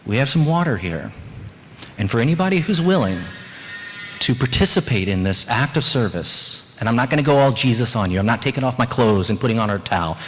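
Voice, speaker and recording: A man with lively intonation preaches fairly quickly as pastor of a small church. He's earnest and candid, slipping in joking asides, and the recording carries long church reverb and a faint rumble.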